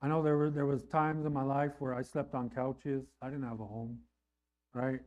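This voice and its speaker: A middle-aged man preaching a sermon in a conversational way, often asking "right?" and rising in pitch and volume on emphatic lines. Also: level tone, moderate pace, a little mellow. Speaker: pastor.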